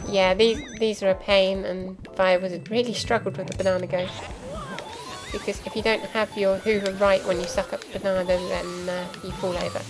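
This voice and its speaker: Young woman talking through a game, lots of ums, game music clearly playing under her. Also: mid-range voice, level tone, brisk, low-quality recording. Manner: chatty, explanatory, many ums and asides. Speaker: let's play commentator. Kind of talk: casual gameplay commentary.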